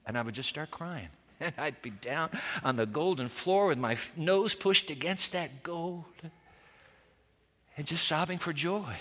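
Man preaching a story, bright lively voice, big hall reverb, goes loud then real quiet. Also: on the high side, measured pace. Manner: dramatic, swings between loud and hushed. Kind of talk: storytelling sermon.

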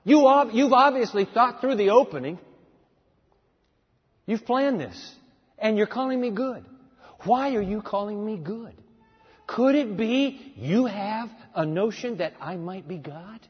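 A preacher voicing a probing teacher figure. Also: male voice, sits high, animated, a little slow, slightly rough, full character voice. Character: calm probing male teacher, questioning. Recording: echoey hall, dull lo-fi.

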